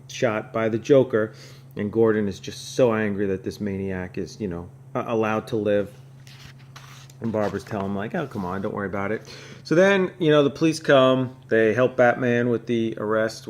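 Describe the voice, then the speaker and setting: A man with a lowish voice hosts a comic book podcast, talking through an old issue in a loose, rambling way full of ums and uhs. He chuckles at his own asides as he goes. A faint hiss sits under the recording. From North Carolina, USA. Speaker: podcast host. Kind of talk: casual comic book review.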